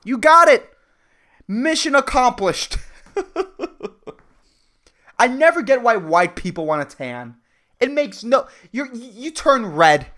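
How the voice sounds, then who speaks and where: A male podcast host who rants through a solo comedy show, swearing freely and rambling from one gripe to the next. His pitch swings widely as he goes, he talks at an unhurried pace, and he keeps cracking himself up. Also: very animated, a bit bright. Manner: profane, rambling, laughs at his own jokes.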